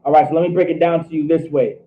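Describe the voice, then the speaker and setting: A man's voice: a little high, fairly even intonation, fast. A man teaching a Hebrew scripture class who thinks aloud, double-checks himself and keeps saying "all right". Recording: tinny phone-like line.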